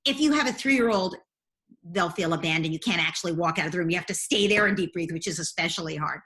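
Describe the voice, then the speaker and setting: A woman's voice: lowish voice, quick pace, a bit bright. A woman guest in an interview, earnestly explaining parenting advice step by step. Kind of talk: interview answers.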